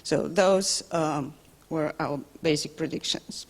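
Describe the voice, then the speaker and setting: A woman's voice: deep voice, takes it slowly, slight background noise. A woman researcher giving an academic conference talk, hesitant and full of filler sounds and restarts. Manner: self-deprecating asides. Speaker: linguistics researcher presenting a study. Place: lecture hall. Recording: long hall reverb.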